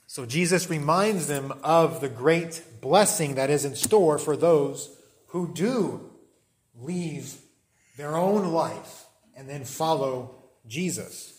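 A man preaching a sermon in a relaxed, conversational teaching way. His voice sits a little high. He restarts his sentences and asks rhetorical questions as he works through the passage. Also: slow.

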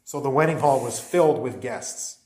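A man preaching a sermon in a relaxed, conversational way, with many fillers and restarts, often asking his listeners to agree. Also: mid-range voice, moderate pace. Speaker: pastor. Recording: echoey hall.

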